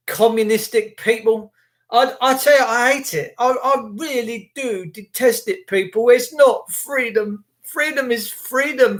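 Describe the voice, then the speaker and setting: A man's voice: very high-pitched, fairly bright tone. A man hosting a casual live stream, greeting viewers by name in a chatty, cheeky way and slipping into rants. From England. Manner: chatty, cheeky, ranting at times.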